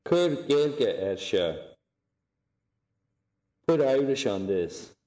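A man teaching a language lesson, saying each phrase slowly and clearly and repeating it for learners to copy. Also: mid-range voice, sing-song, dark tone, reverberant.

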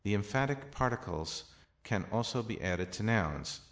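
A man teaching a recorded language lesson, reading each example slowly and clearly. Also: on the low side, lively intonation, a bit bright. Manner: slow, measured, careful enunciation of each example.

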